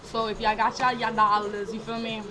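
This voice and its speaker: A young woman chatting fast and giddy into a home webcam, rambling, cursing and laughing, wired on coffee. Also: on the high side, flat delivery, poor audio. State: over-caffeinated. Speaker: vlogger. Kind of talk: hyper casual webcam chat. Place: room at home.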